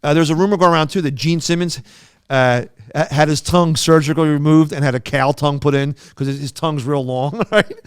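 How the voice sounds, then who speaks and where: A middle-aged man co-hosting a podcast, telling stories in a casual, animated way with frequent restarts. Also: a little high, fairly quick, clear, resonant tone, dry recording, clean studio sound. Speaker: podcast co-host. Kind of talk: casual chat.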